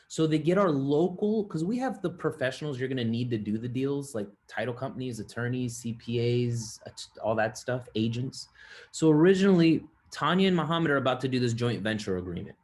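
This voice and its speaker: A man's voice: mid-range voice, expressive, fairly quick, a little mellow. Man teaching a live online class. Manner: conversational, addresses audience, acts out example dialogue. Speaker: real estate investing instructor.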